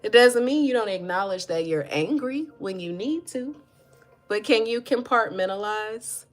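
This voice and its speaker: A woman's voice: medium pitch, expressive, moderate pace. Chatty woman hosting a motivational livestream. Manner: chatty, greets viewers by name, reads comments aloud. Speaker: mental health livestream host. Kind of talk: casual motivational livestream talk.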